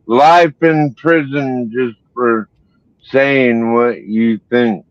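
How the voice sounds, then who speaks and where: A man's voice: mid-range voice, slow pace, smooth, dry recording. A man hosting a live stream, chatting casually and laughing easily with his guests. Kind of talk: casual group chat. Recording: dry, muffled stream audio.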